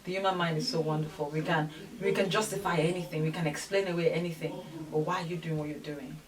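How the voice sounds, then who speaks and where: A woman from Nigeria, a guest in an interview, telling stories with animated delivery and acting out what other people said. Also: deep voice, fast. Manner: animated storytelling, acts out other people's voices. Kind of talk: candid interview conversation. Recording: distant mic with crowd noise.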